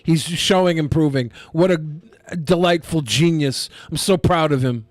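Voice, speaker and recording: A male podcast co-host with a fairly high voice, full of sarcasm and profanity. His talk is casual and biting, and it's recorded dry and close. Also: measured pace, no room sound. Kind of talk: casual chat.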